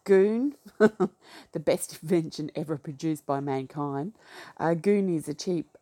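A woman from Western Australia with an Australian accent, casually reading through a slang list and adding low-key asides and comments. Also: takes it slowly. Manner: low-key, drops into soft asides, laughs at her own remarks. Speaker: vlogger.

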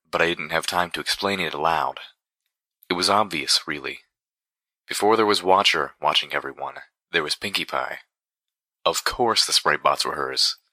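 A man narrating first-person fiction in a measured, dramatic storytelling manner. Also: low voice, sharp tone, no room sound. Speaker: audiobook narrator.

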